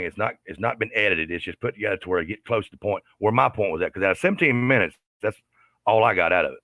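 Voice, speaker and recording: Gravelly, low-voiced man ranting angrily. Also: pushed and bright, no room sound, clean studio sound. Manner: aggravated, profane, repetitive. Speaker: livestreamer. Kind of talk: angry commentary rant.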